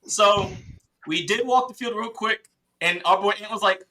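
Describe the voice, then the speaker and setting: A man talking casually on a podcast, telling a rambling, excited story with many restarts and laughs, and acting out what his teammates said. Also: sits high, normal speed, a loud crowd. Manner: quotes teammates in lively voices. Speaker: podcast guest, paintball player.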